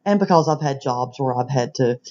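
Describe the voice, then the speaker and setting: A woman's voice: rumbling low, darkish tone, lo-fi sound. A middle-aged woman with a Southern US accent, chatting casually and folksily to the camera in a vlog. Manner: chatty, folksy, drawn-out "hey" demonstrations. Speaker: vlogger. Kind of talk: casual scripted vlog talk.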